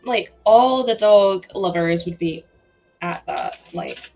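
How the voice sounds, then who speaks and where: A young woman hosting a live stream, chatting excitedly and laughing as she builds a toy set. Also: mid-range voice, takes it slowly, dull audio, faint music behind. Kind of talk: casual chat while building a toy set.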